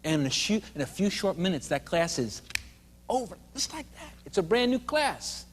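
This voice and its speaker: A man with a high, lively voice leads a room full of adults through a playful teaching session. His speech swings widely in pitch as he gets the crowd to repeat phrases back to him, and a long reverb trails each line through the hall. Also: moderate pace, a little hiss or hum. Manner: playful, leads audience in call-and-response. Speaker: teacher trainer. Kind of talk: live teaching seminar. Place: hall with a live audience of adults.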